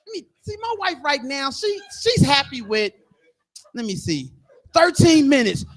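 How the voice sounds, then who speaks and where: A man in his fifties performing live stand-up comedy in a bar, loud and animated, acting out characters as he goes. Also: very high voice. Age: 50s. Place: bar stage.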